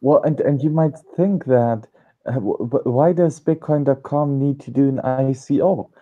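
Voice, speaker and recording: A man's voice: mid-range voice, unhurried, narrow, tinny audio. A man hosting a live-streamed talk show, asking questions and trailing off at times. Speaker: host. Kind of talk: live-streamed casual discussion.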